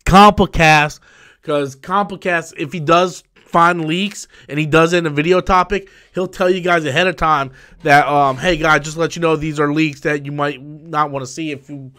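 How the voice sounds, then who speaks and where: A man hosting a live stream, talking casually and profanely, repeating himself and quickly flaring into angry rants at viewers. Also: a little high, fairly bright tone. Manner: profane, repetitive, quick to anger. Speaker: livestream host.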